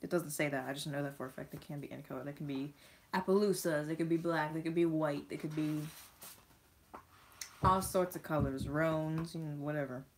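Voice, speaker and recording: A woman's voice: deep voice, steady tone, brisk, a little hiss or hum. A young woman chatting casually as she unboxes toy horses, rambling and reading bits of text aloud. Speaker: vlogger.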